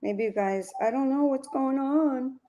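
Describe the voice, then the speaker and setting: A woman co-hosting a casual livestream, relaxed and playful. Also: high voice, unhurried, highs cut off. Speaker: co-host.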